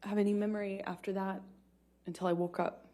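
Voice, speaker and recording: A woman testifying as a witness in a courtroom, speaking haltingly with many pauses and restarts. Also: medium pitch, level tone, dark tone. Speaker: trial witness.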